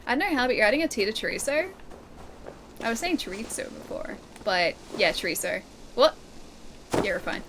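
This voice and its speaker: A woman's voice: fairly high pitch, big pitch swings, fairly quick, pauses often, background noise. A woman with an Australian accent, chatting casually with her viewers while she plays a game live, laughing often and answering chat. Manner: chatty, giggly, reads chat aloud. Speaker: livestreamer.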